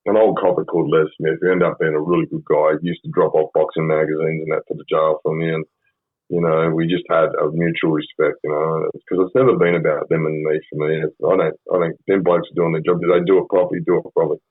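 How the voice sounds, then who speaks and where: This fifties-aged Australian podcast guest keeps a level tone and a fast pace, his deep, husky voice swearing and umming through a loose story. There's no echo; the audio is dry, close and thin, like a phone line.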